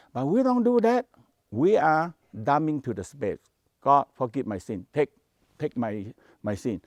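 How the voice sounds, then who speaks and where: A man's voice: medium pitch, darkish tone, dry recording. A man teaching Taoist meditation practice, speaking English with non-native grammar in short, repeated phrases. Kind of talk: spoken teaching to a workshop.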